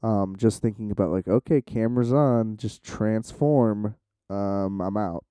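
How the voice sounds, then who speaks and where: Young man, very mellow dark tone, smooth, casual profane rambling vlog. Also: fairly low pitch, a little slow, no echo, studio quality. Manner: loose, profane, full of "like" and restarts. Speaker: vlogger. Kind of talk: casual rambling monologue to camera.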